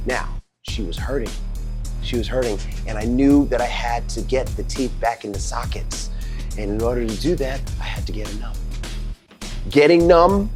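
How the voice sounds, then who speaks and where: Animated man telling a story. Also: mid-range voice, normal speed, pauses often, faint music behind. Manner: dramatic, repetitive retelling with quoted dialogue. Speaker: dentist and host.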